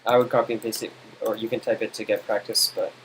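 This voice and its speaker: A man tutoring someone in code, impatient and teasing, explaining in quick exasperated bursts. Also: fairly low pitch, flat delivery, soft background music, poor audio. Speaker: coding tutor. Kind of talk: casual screen-side coding help.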